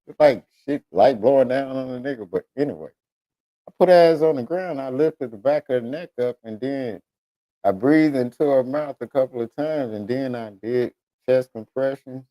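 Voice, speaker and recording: A man talks to his stream audience in a loose, profane, rambling way. His voice is mellow and dark, and it sits in an ordinary middle pitch. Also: normal speed. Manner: profane, rambling storytelling, addresses viewers as y'all. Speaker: streaming talk show host. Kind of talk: casual solo talk to an audience.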